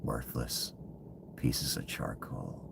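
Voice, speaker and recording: Man, extremely deep voice, bitter contemptuous rant, swears, drops to hushed mutters, faint background hiss. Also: takes it slowly, creaky. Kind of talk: ranting monologue.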